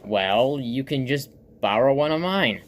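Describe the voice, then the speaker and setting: A man's voice: mid-range voice, unhurried, natural voice. A man voicing a hyper, cheery stick figure. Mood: cheerful. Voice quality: raspy. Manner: loud, excited, goofy.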